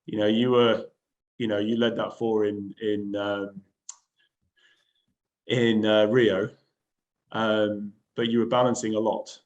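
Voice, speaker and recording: A man interviewing a guest in a casual, halting and enthusiastic way. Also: fairly low pitch, flat delivery, darkish tone, lo-fi sound.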